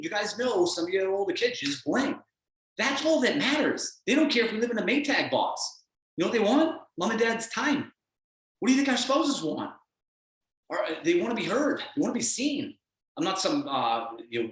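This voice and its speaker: Energetic male coach in an echoey room. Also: high voice, recorded from a distance. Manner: blunt, emphatic, energetic pep talk. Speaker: performance coach. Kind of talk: motivational talk on a call.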